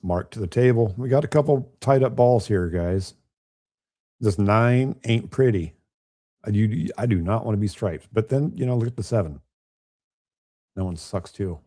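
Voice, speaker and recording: Hoarse, raspy low-voiced man commentating. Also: normal speed, long pauses, warm tone. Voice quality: raspy from a chest cold. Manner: chatty, joking, talks straight to viewers. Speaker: remote pool commentator. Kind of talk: casual live commentary. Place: at home, quiet room.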